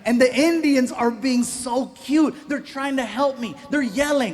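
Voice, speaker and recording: A man doing stand-up comedy, telling a story in an animated, self-mocking way. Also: extremely high pitch, moderate pace, hardly any pauses, noisy background. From Mexican-American. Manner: animated, self-mocking, many voices and laughs.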